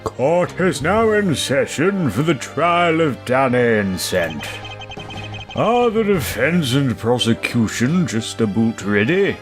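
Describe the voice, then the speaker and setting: A man voicing a pompous middle-aged male judge with a put-on Canadian accent. He speaks slowly and drawn out, tags "eh" onto his lines, and rambles about beards. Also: medium pitch, big pitch swings, over music, voice pushed up. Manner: slow, drawn-out, ends lines with "eh".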